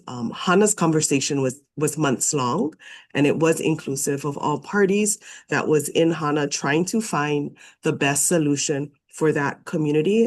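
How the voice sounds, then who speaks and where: A man with a slight cold, speaking as a program official at a public meeting, earnest and explanatory. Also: on the high side. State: slight cold, frog in throat.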